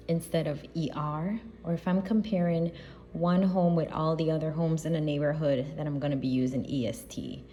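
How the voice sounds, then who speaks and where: A woman teacher giving a recorded grammar lesson, explaining patiently and deliberately and checking in with her students. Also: low-pitched, dark tone, a little hiss or hum.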